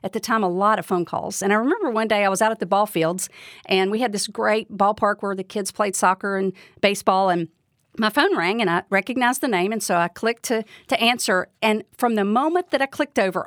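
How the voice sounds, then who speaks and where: A woman's voice: medium pitch, a bit bright, dry recording, clean studio sound. A woman giving a devotional Bible teaching, speaking earnestly and asking the listener direct questions.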